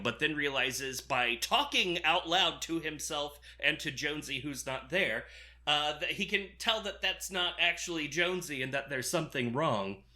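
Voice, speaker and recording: A man co-hosting a podcast, giving a sarcastic, deadpan recap of a movie plot with lots of filler. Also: fairly high pitch. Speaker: podcast co-host.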